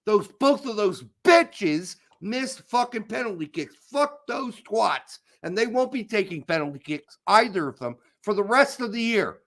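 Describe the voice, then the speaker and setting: A man with a strikingly high voice and a rough, gravelly edge holds forth on a casual sports podcast. His rant is thick with profanity and keeps boiling over into sudden, heated outbursts. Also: big pitch swings, unhurried, few pauses, a bit bright. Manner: profane, ranting, explosive outbursts. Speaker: podcast co-host.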